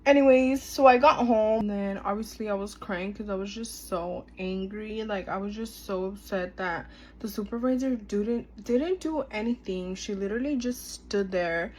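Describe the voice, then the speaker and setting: A woman's voice: mid-range voice, normal speed, hardly any pauses, darkish tone, slight background noise, poor audio. Chatty young woman telling a story. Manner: chatty, filler-heavy, acts out quoted dialogue. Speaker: storytime vlogger. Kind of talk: casual storytime chat.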